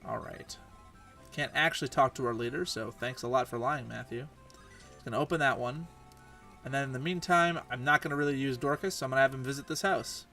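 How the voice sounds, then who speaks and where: A man's voice: medium pitch, brisk, vocal fry, sharp tone, far from the mic, faint music behind. A man giving rambling, exasperated commentary while playing a game. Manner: rambling, exasperated, self-deprecating. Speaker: let's play host. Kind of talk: casual gameplay commentary.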